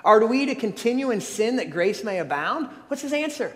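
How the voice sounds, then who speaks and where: Pastor guy with a pretty high voice preaching, earnest, punchy emphasis, long echo like a church hall. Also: animated, normal speed, hardly any pauses. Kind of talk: sermon.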